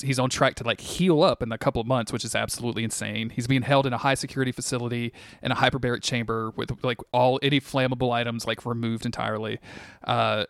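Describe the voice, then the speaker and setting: A man co-hosting a podcast recaps a TV episode in loose, rambling chat, circling back on himself and cursing. His voice sits at an ordinary middle pitch. The recording is close and dry, with no room sound. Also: no room sound. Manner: rambling, laughing, frequent restarts and swearing. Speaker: podcast co-host.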